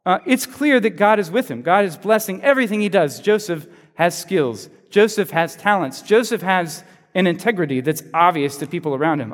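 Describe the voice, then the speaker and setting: A male pastor preaching a sermon in a relaxed, conversational storytelling way, acting out bits of dialogue. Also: high-pitched, moderate pace, hardly any pauses. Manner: conversational storytelling, acts out quotes. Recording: long reverb in a large hall.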